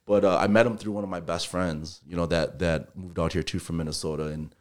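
A man's voice: deep voice, fairly quick. A man, a contractor, talking casually as a podcast guest, rambling with lots of filler phrases. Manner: relaxed, rambling, heavy use of filler phrases.

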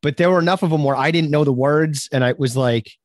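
A man's voice: a little high, fast, dry recording. A male interviewer talking casually and thoughtfully about his own listening habits. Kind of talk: casual conversation.

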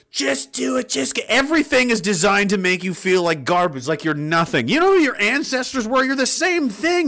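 Bright-voiced man on a profane rant. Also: high voice. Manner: profane, rambling, blunt. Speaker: livestream host reading chat. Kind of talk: casual motivational rant.

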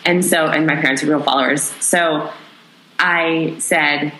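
A young woman tells a painful personal story as an interview guest, pausing often and searching for words. Her voice sits low yet comes across bright and forceful. The room adds a noticeable echo, with faint ambience behind her. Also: fairly even intonation, slight background noise. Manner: emotional, halting, many pauses and fillers. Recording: roomy echo.

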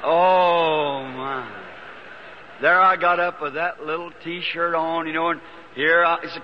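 A man with a Southern Indiana accent, preaching a sermon in a folksy, storytelling way that climbs into fervor. His voice sits high for a man. The old, dull-sounding recording carries a long hall reverb. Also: takes it slowly, a little hiss or hum.

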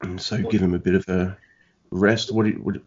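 Male podcast host, lowish voice, rambling chatty, dull lo-fi sound. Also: little pitch movement, a little fast, darkish tone. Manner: rambling, self-deprecating, many fillers and restarts. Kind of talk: casual podcast chat.

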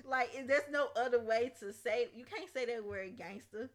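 A woman's voice: fairly high pitch, moderate pace. A woman hosting a podcast in casual chat, playful and slangy, laughing often. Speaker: podcast host.

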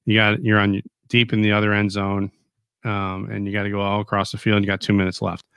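Low-voiced guy rambling on a political talk show, dry close mic. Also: monotone, fairly quick, creaky, fairly bright tone, smooth, no echo. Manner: rambling, agreeable, lots of fillers. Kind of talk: casual political chat.

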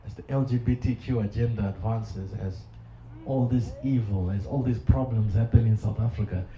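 A man's voice: fairly low pitch, normal speed, a little hiss or hum. A middle-aged male pastor preaching a sermon with passion and humorous asides. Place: church hall. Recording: echoey hall, dull sound, congregation audible.

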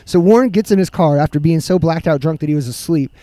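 A man's voice: on the high side, fast talker, dark tone, no echo. Profane man telling party stories. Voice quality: profane, rambling storyteller. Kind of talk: casual storytelling among friends.

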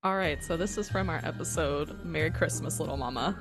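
A woman's voice: sits low, fairly quick, over music. A woman co-hosting a podcast in casual chat, laughing often and teasing herself. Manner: laughs often, animated and self-mocking. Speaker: podcast co-host.

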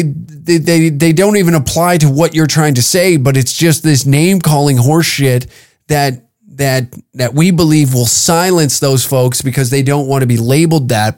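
A man's voice: medium pitch, darkish tone. A man hosting a comedy podcast, ranting in a profane, rambling way and acting out quoted exchanges. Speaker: podcast host and stand-up comedian. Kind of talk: casual podcast rant.

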